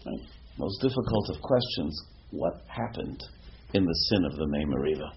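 Deep-voiced rabbi, lively lecturing. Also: male voice, moderate pace. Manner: animated, asks rhetorical questions, mixes in Hebrew terms. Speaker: rabbi teaching a class. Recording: dull lo-fi recording with faint noise.

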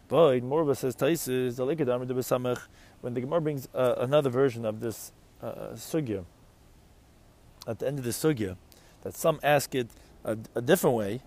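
Guy teaching talmud, reads aramaic bits then explains em, raspy fry in the voice, talks fast. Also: on the high side, darkish tone. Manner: explains Aramaic text line by line in English, with rising questions. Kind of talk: Talmud lecture.

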